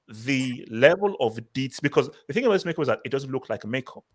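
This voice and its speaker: A man's voice: medium pitch, expressive, fast, husky. A man hosting a casual film review chat, opinionated and talking in long run-on thoughts.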